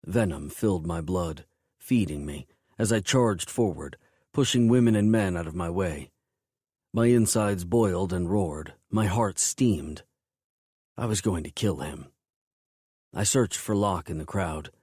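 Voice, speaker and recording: A man narrating a first-person romance audiobook in a low, intense, measured way. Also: darkish tone, husky, no echo, studio quality.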